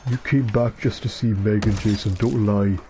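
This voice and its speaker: A young Scottish man talks over an online match in a low, gravelly voice, sounding tired. He rambles through stories, jokes and swears freely. Steady background noise sits under his game-stream recording. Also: normal speed. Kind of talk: casual chat while gaming.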